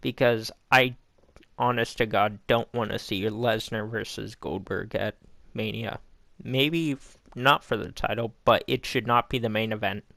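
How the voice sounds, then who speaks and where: A man's voice: fairly low pitch, unhurried, vocal fry, a bit bright, no echo. A young man casually recapping a wrestling show, rambling with lots of fillers and acting out what people said. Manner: rambling, filler-heavy, acts out quotes.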